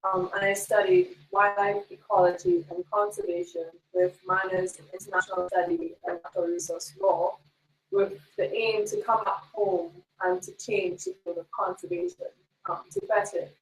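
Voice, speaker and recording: A young woman from Dominica who works in conservation, explaining her studies in a lively, articulate way. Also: mid-range voice, normal speed. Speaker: conservationist and guest. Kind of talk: interview. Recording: echoey, distant, faint ambience.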